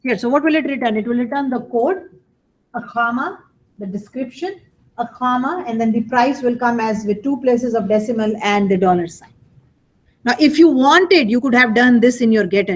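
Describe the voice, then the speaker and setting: A woman's voice: fairly high pitch, moderate pace. Chatty woman lecturing a programming class. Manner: conversational, repeats phrases, asks rhetorical questions. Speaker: college programming instructor.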